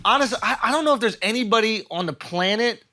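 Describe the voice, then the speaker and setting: A man hosting a podcast in casual chat, teasing and excited, with lots of fillers. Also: high-pitched, quick pace. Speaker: podcast host. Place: podcast studio.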